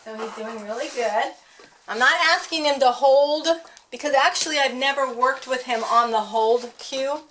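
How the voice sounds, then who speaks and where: A woman's voice: high-pitched, moderate pace, fairly bright tone, a little hiss or hum. A woman talking casually as she trains her dog at home, chatting to the camera and voicing what the dog might think. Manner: chatty, talks to the dog and voices his thoughts.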